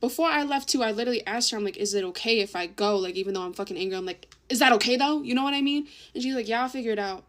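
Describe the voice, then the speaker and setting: A woman's voice: a little high, very fast, few pauses, fairly bright tone. A young woman telling a story in a casual, chatty way, swearing often and acting out what people said. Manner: chatty, swears a lot, acts out quoted voices. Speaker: vlogger.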